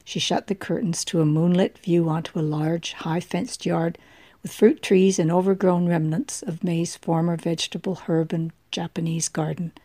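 A woman narrating an audiobook in a measured manner, softly dropping her voice at times. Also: on the low side, fairly even intonation, no echo.

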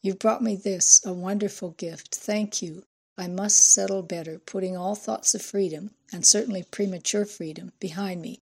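A woman voicing a pained, resigned man who speaks quietly and firmly. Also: medium pitch, fairly even intonation, normal speed, creaky, breathy edge. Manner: quiet, firm, sighing.

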